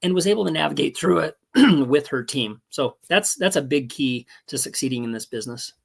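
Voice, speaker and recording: Older man in his 70s, folksy motivational guest, a bit higher-pitched, video call. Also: expressive, fairly quick, creaky, slightly rough. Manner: earnest, encouraging, folksy. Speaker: guest speaker. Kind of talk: casual motivational talk.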